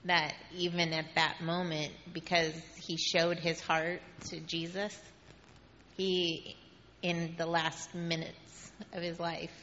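A woman in the audience shares a comment, speaking hesitantly and haltingly. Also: on the low side, level tone, fairly bright tone. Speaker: audience member. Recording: muffled sound with long hall reverb and faint noise.

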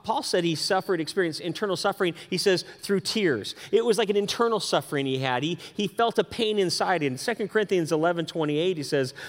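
A male pastor delivers a sermon in a fairly high voice, animated and full of quick asides to the congregation. He often repeats and restarts words. The sound carries a long reverb from a church hall.

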